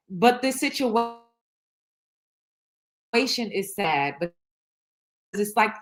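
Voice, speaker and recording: A woman's voice: medium pitch, expressive, slow, soft background music. Blunt, emotional woman vlogging candidly. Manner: emotional, blunt, swears freely; rambling, many restarts and fillers. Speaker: show host. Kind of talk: candid reaction vlog.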